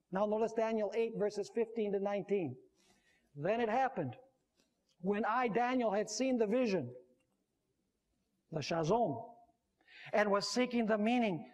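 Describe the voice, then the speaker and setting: A man's voice: sits high, darkish tone. A man, a pastor, preaching a sermon, rising sharply on key words and asking the audience questions.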